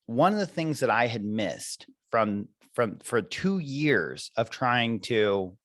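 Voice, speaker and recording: A man's voice: medium pitch, big pitch swings, slow, fairly bright tone, no echo. A man who coaches parents, talking earnestly and reflectively in a podcast conversation, with many fillers.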